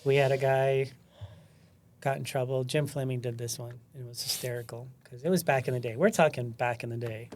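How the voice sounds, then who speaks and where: Man, sergeant, casual podcast storytelling, laughs a lot, animated. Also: mid-range voice, a little fast. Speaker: sergeant, academy trainer.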